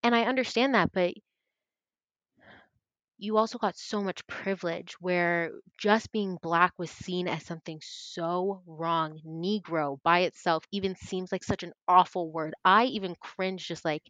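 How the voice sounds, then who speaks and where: A young woman in her twenties, a podcast guest telling her story in casual chat, earnest and animated, acting out what others said. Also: lowish voice, a little slow, no echo, lo-fi sound. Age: 20s. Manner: earnest, animated, acts out quoted voices.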